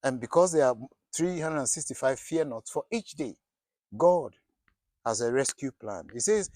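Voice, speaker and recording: A man's voice: mid-range voice, normal speed, darkish tone, no echo. A middle-aged man giving a sermon as pastor, asking his listeners questions and often restarting his words. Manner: preaching with rhetorical questions and frequent restarts.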